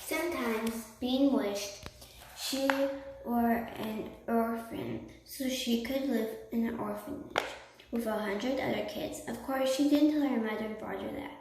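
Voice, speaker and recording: A woman reading a children's book aloud, slowly, with slips and restarts. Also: a little high. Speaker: reader. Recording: echoey room, far from mic, faint noise.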